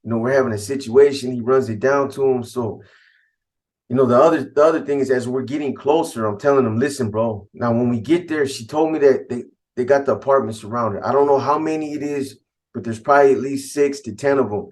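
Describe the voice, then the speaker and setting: A middle-aged man from California telling a story from his past in blunt, profane street talk, getting animated when he quotes himself. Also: mid-range voice, a little fast. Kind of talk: casual spoken storytelling.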